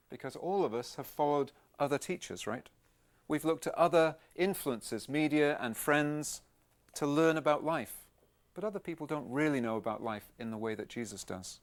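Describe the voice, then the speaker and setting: A man giving a Christian teaching talk at a camp, speaking plainly and conversationally, gently persuasive. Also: a little high, moderate pace.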